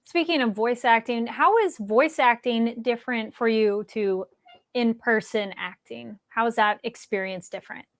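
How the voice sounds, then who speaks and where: A woman's voice: on the high side, moderate pace, no echo, clean studio sound. A woman hosting a talk show, asking interview questions in an attentive, conversational way.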